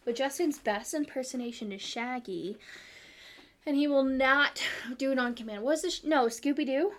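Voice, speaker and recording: Woman, slightly high-pitched, young adult, podcast co-host, playful, teasing, laughs easily. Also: normal speed. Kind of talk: casual chat.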